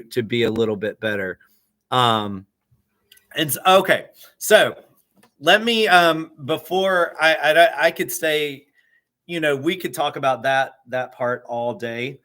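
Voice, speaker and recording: A man teaching guitar in a casual, halting way, often repeating words as he explains and counting beats aloud. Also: fairly high pitch, pushed and bright.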